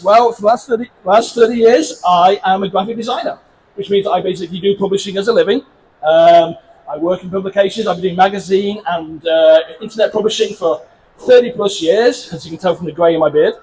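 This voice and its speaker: English man, 50s, high voice, chatty and self-deprecating, convention panel talk with faint room hum. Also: normal speed, poor audio. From England. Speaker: comic book creator presenting a convention panel. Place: panel room at a convention before a small audience.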